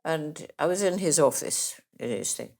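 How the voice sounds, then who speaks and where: Speaking as an interview guest, an older woman from England shares emotional life stories, close to tears, voicing the people she quotes. Her low voice is animated and gravelly with a touch of mellowness, at a moderate pace.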